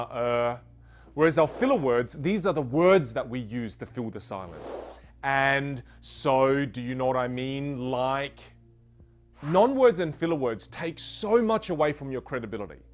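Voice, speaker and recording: Lively man coaching on public speaking. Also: medium pitch. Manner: energetic, rhetorical questions, demonstrates trailing off and fillers. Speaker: communication coach. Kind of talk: instructional lesson.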